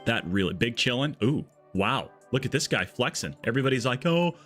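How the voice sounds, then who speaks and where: Sex: man. Role: game streamer. Style: casual live-stream commentary. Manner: chatty, jokey, mid-pitched. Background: faint music. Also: lively intonation, fairly quick, a bit bright. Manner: chatty, jokey, greets chat by name.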